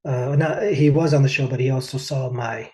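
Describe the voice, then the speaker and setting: Chatty man telling stories, middle pitch. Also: normal speed, darkish tone, rough recording. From United States. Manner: rambling, lots of "like" and "uh". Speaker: interview guest, singer. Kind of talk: casual storytelling.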